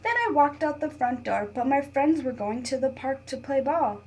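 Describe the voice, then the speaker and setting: A woman teacher reading a picture book aloud to her class, patient and clear, pausing to guide students. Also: sits high, darkish tone, slight background noise.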